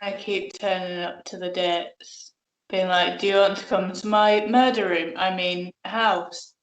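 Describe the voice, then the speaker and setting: Slow, deadpan woman in a sketch. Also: medium pitch. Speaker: comedy sketch performer. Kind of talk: comic sketch dialogue. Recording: roomy, dull sound.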